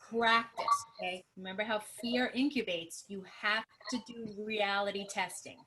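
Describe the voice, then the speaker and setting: A middle-aged woman co-hosting a talk, reading questions and affirmations aloud slowly and earnestly. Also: medium pitch, background noise. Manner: earnest, reads slowly with emphasis. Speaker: adoption professional and co-host.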